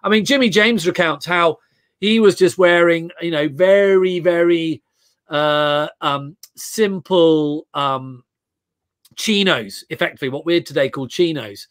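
A man's voice: a little high, unhurried, a bit bright, no room sound, studio quality. An English man talking as a guest historian in a casual chat, rambling with many restarts and fillers. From England. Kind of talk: casual video-call chat.

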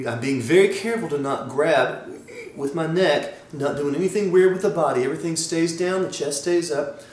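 A man coaching a vocal warm-up while sick, his voice straining and cracking as he demonstrates slides and sirens. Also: on the high side, normal speed, reverberant, slight background noise.

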